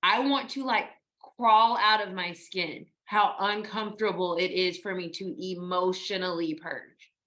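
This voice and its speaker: A woman's voice: lowish voice, steady tone, a little slow, pushed and bright. A woman co-hosting a podcast in casual spiritual chat, emphatic and blunt, swearing casually. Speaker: podcast co-host.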